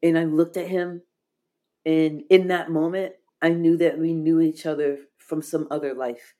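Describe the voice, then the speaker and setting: Low-voiced earnest woman guest. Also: fairly even intonation, unhurried, warm tone. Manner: earnest, heartfelt, frequent "like" fillers. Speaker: podcast guest. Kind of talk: emotional personal storytelling.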